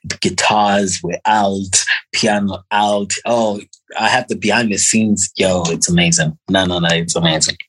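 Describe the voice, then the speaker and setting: A man from Zimbabwe, a musician guest, talks on a podcast in a low, somewhat husky voice. He is animated and laughs easily, often doubling back mid-sentence to restart a thought. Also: measured pace, rough recording. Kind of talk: casual podcast chat.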